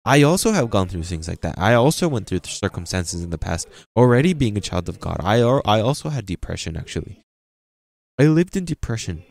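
A pastor giving a sermon in church, preaching with energy and sprinkling in frequent amens and repeated phrases. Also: male voice, lowish voice, very animated, a little fast, vocal fry, darkish tone. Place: church sanctuary.

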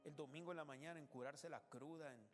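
Fervent fast-talking preacher with music. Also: male voice, on the high side. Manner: fervent, swelling to loud bursts. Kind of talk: prayerful sermon.

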